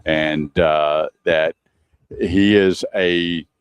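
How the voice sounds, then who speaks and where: A man's voice: low-pitched, steady tone, very slow, clear, resonant tone, no echo. A man hosting a radio talk show from outdoors, telling stories and laughing often. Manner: chatty storyteller, laughs often. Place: outdoors at a shooting range.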